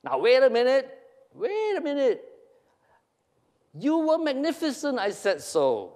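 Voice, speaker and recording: A man's voice: very high-pitched, wildly swooping pitch, a little slow, a little mellow, long reverb tail, voice pushed up, exaggerated voice. A man voicing a mocking male Satan figure, reading the part aloud in a taunting, needling way. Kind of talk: dramatic reading of a play.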